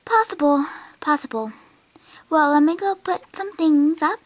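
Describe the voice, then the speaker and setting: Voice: extremely high pitch, normal speed. A child voicing a stern toy-house mom. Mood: calm, fussy. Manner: scolds sharply when upset. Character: caring but stern mother of three kids. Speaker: voicing toy figures in a home video. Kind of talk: homemade toy play narration.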